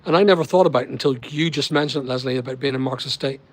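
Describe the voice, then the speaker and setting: A man's voice: mid-range voice, rapid-fire. A man with a Northern Irish accent, hosting a casual live stream and chatting with viewers by name in a rambling way. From Northern Ireland. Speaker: livestream host. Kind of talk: casual live chat reading viewer comments.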